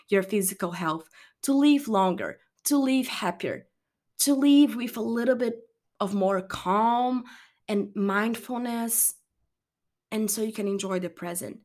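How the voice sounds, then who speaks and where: Young woman, earnest motivational vlogger, casual rambling delivery, mid-pitched voice. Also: darkish tone. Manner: earnest, rambling, self-correcting. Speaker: wellness vlogger. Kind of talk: candid motivational monologue.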